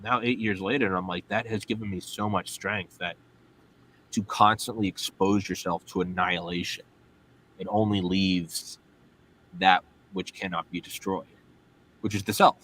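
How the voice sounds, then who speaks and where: A man hosting a podcast, his voice low but bright and forceful. He reflects earnestly and scatters "like" all through his sentences. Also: fairly even intonation, moderate pace, a little hiss or hum, poor audio. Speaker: podcast host. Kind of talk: casual reflective conversation.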